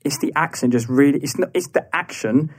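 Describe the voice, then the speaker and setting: A man's voice: fairly high pitch, fairly quick. A young man co-hosting a podcast, rambling in casual chat with many restarts. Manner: rambling, full of restarts and fillers. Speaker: podcast co-host.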